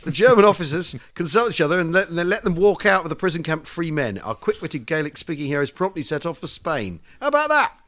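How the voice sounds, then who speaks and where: A man co-hosting a comic history podcast, jokey and theatrical with quick asides. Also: a little high, very animated, fairly bright tone. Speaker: podcast co-host.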